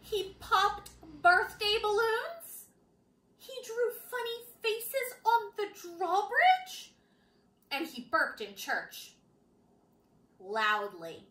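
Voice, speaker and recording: Storytime reader, woman: very high, bright, lively read-aloud with playful asides; echoey room. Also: drawn-out words. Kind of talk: reading a picture book aloud to children.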